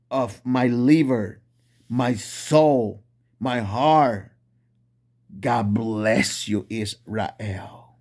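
A man preaches with burning conviction in non-native English. He repeats lines over and over and restarts when a word escapes him. His voice sits at an ordinary middle pitch. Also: darkish tone. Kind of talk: impassioned preaching monologue.

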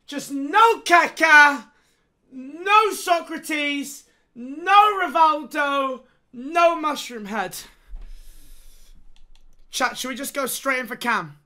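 A young woman, commentating a gaming livestream, excitable and pleading as she talks to her chat. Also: high voice. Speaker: streamer.

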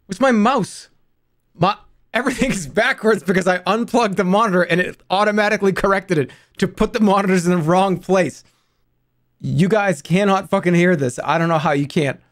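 Commentating on his live game stream, a man in his thirties speaks briskly to his chat, excited and exasperated by turns, cursing and letting out high-pitched outbursts.

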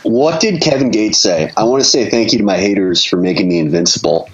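A man's voice: on the low side, a little fast. A man joking wryly as a co-host in casual podcast chat. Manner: wry, joking. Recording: dull lo-fi podcast audio.

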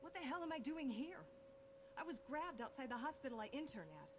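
A woman's voice: high-pitched, lively intonation, a little fast. An actress playing a frightened young woman, a kidnapped hospital intern in a video game, asking shaken questions, heard as game audio with a hum.

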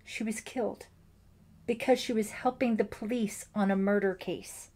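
A woman's voice: mid-range voice, steady tone, moderate pace, a little mellow, natural voice. A woman voicing a grieving middle-aged father who is fiercely protective, in an emphatic, pained audiobook delivery. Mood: anguished.

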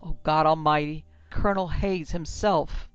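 A narrator voicing a panicked frontier rifleman who gasps and shouts in terror, in a horror audio story. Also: low voice, fairly even intonation, measured pace, clean tone, no echo. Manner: frantic, shouting. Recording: slightly dull lo-fi with music.

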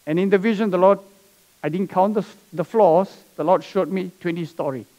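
Brief: male pastor, high-pitched voice, church sermon, story-led delivery. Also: moderate pace, highs cut off. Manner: preaching with asides and soft laughs. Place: church sanctuary.

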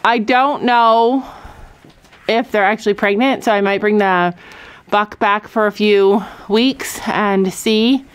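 A woman's voice: mid-range voice, steady tone, slow, smooth, low-quality recording. A woman in her fifties, vlogging casually from a cold barn, talking candidly and emotionally and now and then breaking off to chat to her animals. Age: 50s. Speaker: farm vlogger.

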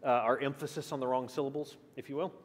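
A man's voice: mid-range voice, steady tone, fast talker, long reverb tail. A man teaching a church class in a conversational way, asking the group questions and shifting his emphasis often. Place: church meeting room.

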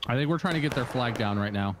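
A man co-hosting a gaming session with a mid-pitched voice that swings with lively animation. He talks casually, cheering and swearing as he plays. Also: fast talker, a little hiss or hum. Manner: excitable, crude, cheering. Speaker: gaming co-host. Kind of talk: casual gameplay chat.

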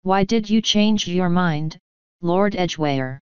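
A polite, perplexed detective speaks softly and deliberately, played by a woman reading aloud. Her voice is low-pitched and very clear. The sound is dry with no room echo. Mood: puzzled. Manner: soft, thoughtful, measured. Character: perplexed, polite male detective, middle-aged. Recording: dull dry recording.

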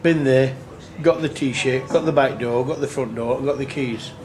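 A man's voice: medium pitch, moderate pace, darkish tone. A man telling a rambling, earthy anecdote, swearing and acting out what people said. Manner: rambling, earthy storyteller who swears and acts out quotes. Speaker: tribute band singer. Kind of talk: casual anecdote. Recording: noisy on-location recording.

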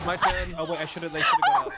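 A man's voice: high voice, huge pitch swings, fast talker, loud music behind the voice. A man laughing and teasing his friends as they play a video game together. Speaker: gamer in a group. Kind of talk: casual gaming banter. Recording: loud keyboard clicks.

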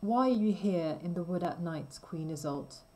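A woman voicing a kind, protective male knight in a storybook, calm and reassuring. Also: fairly low pitch, moderate pace, natural voice.

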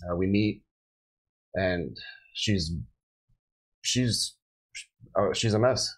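A middle-aged man with a lowish voice tells his story casually, animated, jumping into the voices of the people he quotes. He speaks as a police officer chatting on a podcast. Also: extremely slow, rough recording. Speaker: police officer recounting a shooting.

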